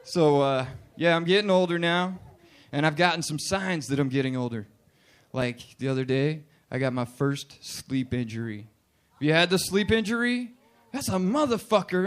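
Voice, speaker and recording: A man's voice: on the high side, normal speed, smooth. A man in his late twenties doing a profane, punchy stand-up comedy set in a bar. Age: 20s. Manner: profane, loud, punchy delivery with put-on voices. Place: bar stage with live audience.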